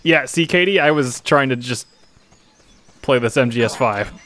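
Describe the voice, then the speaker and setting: A young man with a medium-pitched, fairly bright and expressive voice hosts a casual co-op game stream at a moderate pace. He laughs often while explaining the controls to his partner.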